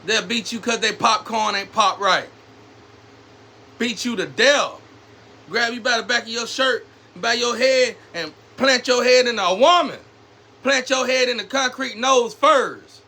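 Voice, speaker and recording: A man's voice: very high-pitched, unhurried, creaky, bright, forceful tone. A man talking straight to camera in a loose, rambling monologue full of street slang, swinging from preachy scolding to personal storytelling.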